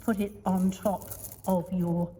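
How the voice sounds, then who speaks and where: A woman presenting a children's craft segment on a church show in a bright, encouraging, sing-song way. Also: on the low side, level tone, slow. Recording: echoey church hall with loud crowd noise.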